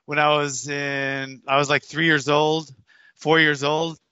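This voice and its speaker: A man's voice: fairly high pitch, level tone, a little slow, pushed and bright, clear, resonant tone, no echo. A man in his fifties from Hawaii, a martial arts coach telling stories in a casual interview with many restarts. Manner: rambling, with many restarts and fillers. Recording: dull, dry, lo-fi sound.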